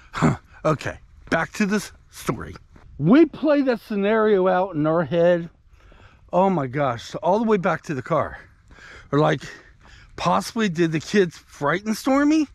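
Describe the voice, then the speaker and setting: Here a man with a high voice is out on a country walk, vlogging and spinning a loose, conversational tale for his audience while he strolls. There's no room sound in the recording.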